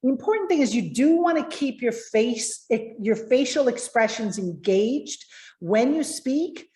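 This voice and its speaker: A woman communication coach giving a lesson on presentation tips, speaking expressively and slowing down to stress key words. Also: a little high, expressive, dark tone, echoey room.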